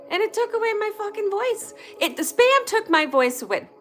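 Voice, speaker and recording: A woman's voice: very high-pitched, sing-song, moderate pace, soft background music. A woman hosting a casual live online session from home, chatty and candid, swearing freely when something annoys her. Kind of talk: casual live-stream chat. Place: at home indoors by a fireplace.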